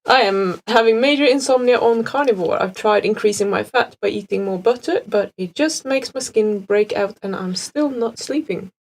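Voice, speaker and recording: A woman's voice: mid-range voice, normal speed, hardly any pauses, rough recording. A woman co-hosting a live Q&A, reading questions and chatting casually with a cheeky edge. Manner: casual, cheeky, swears lightly. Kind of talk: live Q&A chat.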